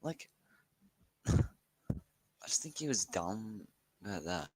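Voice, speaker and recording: Deep-voiced Australian guy, distracted gamer. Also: expressive, very slow, a little mellow, no room sound. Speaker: friend on voice call. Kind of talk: casual chat over voice call.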